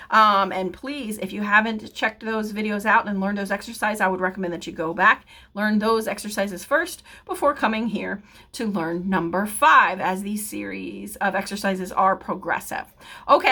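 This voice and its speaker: A woman's voice: medium pitch, bright, forceful tone. A woman piano teacher giving a chatty, upbeat online lesson and counting beats aloud as she plays. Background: piano playing.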